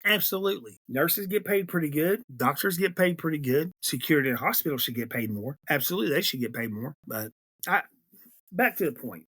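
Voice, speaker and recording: A man's voice: on the high side, lively intonation, a little fast, a bit bright, breathy edge. A man hosting a political podcast, ranting emphatically and repeating himself when aggravated. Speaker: podcast host. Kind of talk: political commentary rant.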